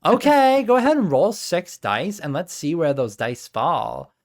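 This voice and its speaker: A man's voice: a little high, huge pitch swings, a little slow, a crowd in the background. A man running a live tabletop game as game master, talking in a put-on Valley Girl voice, bubbly and sarcastic with casual swearing.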